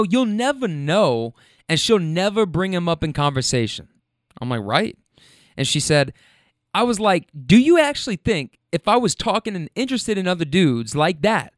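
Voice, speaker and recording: Lively high-pitched man retelling a story. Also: no echo, studio quality. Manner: animated, quoting others in shifting voices. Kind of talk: casual anecdote retelling.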